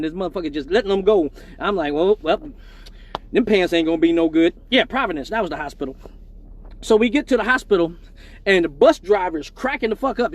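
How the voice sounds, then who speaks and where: A man with a voice pitched well above most men's tells a comic story on his live show. He swears freely and jumps into the lines of everyone in the tale. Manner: profane, animated, acts out other people's lines. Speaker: host of a live stream show. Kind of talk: comedic storytelling.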